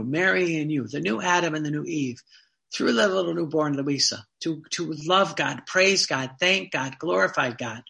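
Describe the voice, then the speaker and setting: High, bright-voiced man preaching. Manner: emphatic, with rhetorical questions and repeated phrases. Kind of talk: devotional teaching talk.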